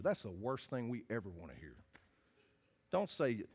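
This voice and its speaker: A man's voice: mid-range voice, sing-song, moderate pace, darkish tone. A man, a pastor preaching a sermon in a church, earnest and folksy, often restarting and repeating his phrases. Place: church hall with congregation.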